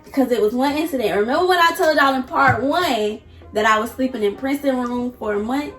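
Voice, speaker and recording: A woman vlogger telling a personal story in an animated, emphatic way, addressing viewers directly. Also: high-pitched, fairly quick, roomy sound, soft background music. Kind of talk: casual storytime.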